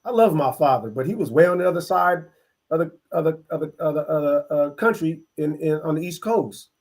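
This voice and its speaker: A middle-aged man from East Oakland, telling his life story as an interview guest, earnest and halting with many restarts. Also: fairly high pitch, animated, darkish tone. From East Oakland, California. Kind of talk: reflective personal storytelling.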